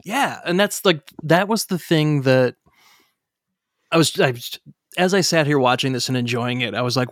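A man's voice: medium pitch, normal speed, a bit bright, no room sound, clean studio sound. A man co-hosting a podcast who talks animatedly about a film in casual chat and laughs at his own jokes. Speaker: podcast co-host.

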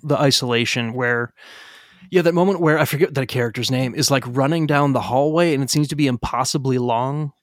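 A man's voice: mid-range voice, a little fast, no room sound, studio quality. A man co-hosting a podcast who talks animatedly about a film in casual chat and laughs at his own jokes. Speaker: podcast co-host.

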